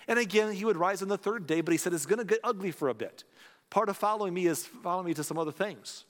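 Pastor, man, fairly high voice, lively conversational sermon, long hall reverb. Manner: conversational, animated preaching with acted-out quotes.

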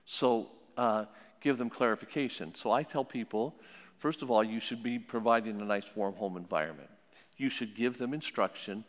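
A man teaching about parenting in a sermon style, telling stories in an animated way and repeating his key phrases. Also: on the low side, moderate pace. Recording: long hall reverb.

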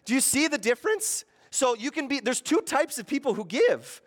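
Chatty pastor preaching in a reverberant hall. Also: male voice, big pitch swings, normal speed. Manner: conversational, asks the room "right?" often; acts out quoted voices with sudden shifts in pitch and loudness. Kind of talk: sermon. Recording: long reverb of a church hall.

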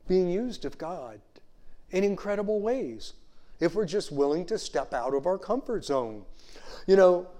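A male pastor preaching a sermon in a conversational way, full of "you know" asides and slowing down to stress key phrases. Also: a little high, warm tone. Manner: slows down to stress scripture phrases.

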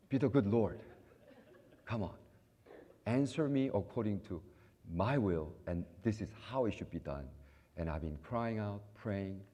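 Animated preaching man, lively low voice. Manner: animated, preaching with sudden loud rises and soft low passages; acts out prayers and voices in dialogue. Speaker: pastor. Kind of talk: sermon.

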